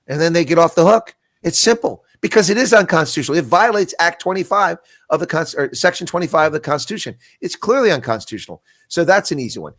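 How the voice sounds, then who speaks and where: A man's voice: a little high, animated, a bit bright, no room sound, studio quality. A man, a retired colonel and intelligence analyst, making blunt, emphatic arguments in a frank political discussion over a video call. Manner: blunt, emphatic, rapid-fire arguing.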